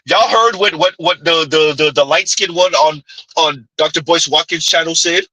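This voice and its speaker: A man's voice: fairly high pitch, normal speed, sharp tone, no room sound, rough recording. A man hosting a live-stream commentary show, firing off blunt, mocking rhetorical questions with "huh?" asides. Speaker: commentary channel host.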